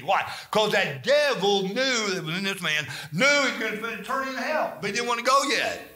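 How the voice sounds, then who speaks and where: Animated, bright-voiced male Bible teacher. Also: high-pitched, normal speed, reverberant. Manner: animated, rambling storytelling with dramatized scripture.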